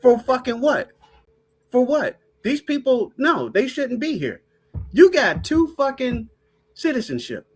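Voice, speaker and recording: A woman hosting a podcast, ranting with profane, animated storytelling in casual chat. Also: high-pitched, unhurried, breathy edge. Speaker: podcast host.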